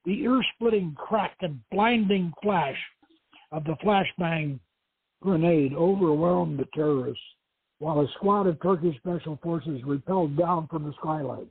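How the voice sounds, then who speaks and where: A man hosting a radio show, reading his own novel aloud in measured storytelling narration, over a tinny phone-like radio line. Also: fairly high pitch, breathy edge, dry recording.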